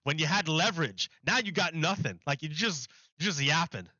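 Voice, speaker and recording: A man's voice: fairly high pitch, lively intonation, moderate pace, sharp tone, no echo, highs cut off. A man streaming live, rambling through a mocking rant in casual chat and laughing often.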